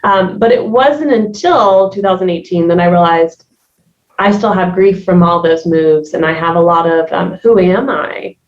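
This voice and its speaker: A woman's voice: lowish voice, moderate pace. A woman from the American South with a Southern accent, a podcast guest reflecting thoughtfully, with many fillers and restarts. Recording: distant, roomy, dull remote sound.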